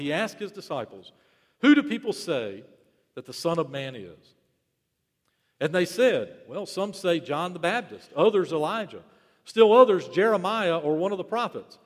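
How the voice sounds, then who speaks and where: Male pastor, sermon delivery, higher-pitched, repetitive rhetoric, reverberant hall sound. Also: animated, moderate pace. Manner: rhetorical repetition, swelling and dropping in volume.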